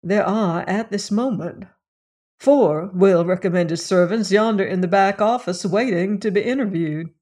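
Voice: mid-range voice, a little slow, darkish tone, close to an everyday voice. A puffed-up estate agent, voiced by an audiobook reader, proud of every word, rolling out long, ornate sentences with lofty dignity. He sounds a little raised and emphatic, as though addressing a client he wishes to impress. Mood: pompous. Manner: grandiose, orotund phrasing. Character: pompous male real estate agent, proud and flowery. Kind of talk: audiobook character reading.

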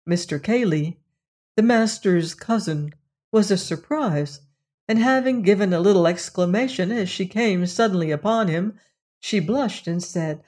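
Woman with a lowish voice narrating a novel. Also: unhurried, dark tone. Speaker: audiobook narrator. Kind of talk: scripted narration.

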